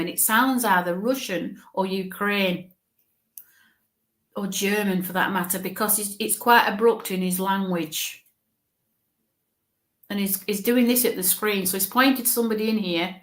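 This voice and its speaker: Halting woman in a roomy space. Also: medium pitch. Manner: halting, thinks aloud with frequent restarts. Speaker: psychic medium. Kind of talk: live mediumship reading.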